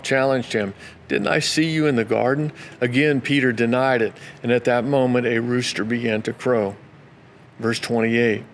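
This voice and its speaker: A pastor reading scripture aloud for a daily devotional, now and then breaking off into brief casual comments before carrying on. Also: male voice, mid-range voice, slight background noise.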